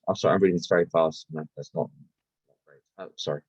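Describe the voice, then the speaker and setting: A man's voice: low voice, level tone, fast, a little mellow, no echo, lo-fi sound. A man presenting a live webinar, reading viewer questions aloud and answering them casually with many ums and restarts.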